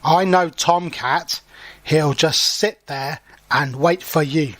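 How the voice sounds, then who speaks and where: Friendly little male house mouse in a storybook, read aloud by a man; slow and plain. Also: on the high side, fairly bright tone, no echo. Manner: slow, deliberate storybook dialogue.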